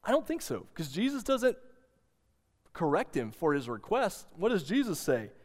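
A man preaching a Sunday sermon, earnest, moving between soft, slowed emphasis and rising urgency. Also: high voice, huge pitch swings, big-room sound. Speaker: pastor.

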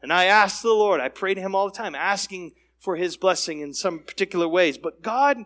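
A man preaching from the pulpit in a fairly high voice. He builds his points through emphatic repetition, in a steady sermon cadence. He sounds middle-aged. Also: brisk. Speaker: pastor.

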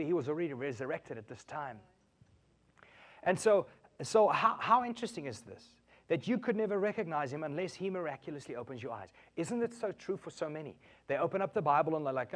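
High-pitched animated male preacher. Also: breathy edge. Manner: animated, acts out quotes in voices, laughs often. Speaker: pastor. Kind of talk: sermon.

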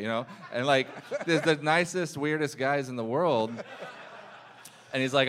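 A man's voice: mid-range voice, fairly quick, fairly bright tone. A man hosting a live comedy podcast, telling a rambling anecdote and quoting people in shifting voices. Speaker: podcast host. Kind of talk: live podcast banter and storytelling. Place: live show before an audience.

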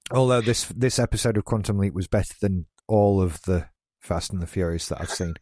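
A man's voice: low voice, steady tone, brisk, darkish tone, no room sound. A British man co-hosting a podcast, chatting casually and with strong opinions about a TV episode. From Britain. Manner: chatty and opinionated, with frequent asides. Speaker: podcast co-host. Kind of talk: casual chat reviewing a TV episode.

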